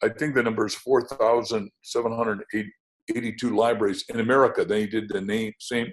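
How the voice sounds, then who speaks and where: A man's voice: fairly low pitch, flat delivery, a little fast, darkish tone, poor audio. An older man, a podcast guest and author, telling stories with rambling asides and name-dropping. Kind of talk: podcast interview, enthusiastic storytelling.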